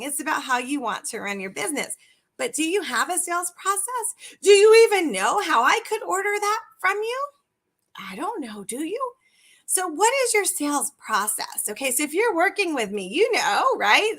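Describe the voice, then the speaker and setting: A middle-aged woman coaching her viewers on sales, animated and asking them many direct questions. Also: sits high. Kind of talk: live video coaching talk.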